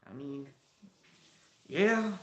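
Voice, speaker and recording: Chatty guy dishing celeb gossip, slightly higher voice, lots of stumbles and repeats, roomy echo. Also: animated, drawn-out words, a bit bright, highs cut off. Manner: chatty and opinionated, repeats words, talks to viewers. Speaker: gossip vlogger. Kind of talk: casual gossip commentary.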